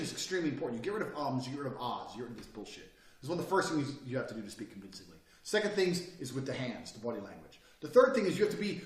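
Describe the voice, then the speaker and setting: A man giving a blunt, forceful motivational lecture and swearing freely as he coaches his listeners. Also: a little high. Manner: profane, forceful and emphatic. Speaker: self-improvement speaker. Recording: echoey room, mic at a distance.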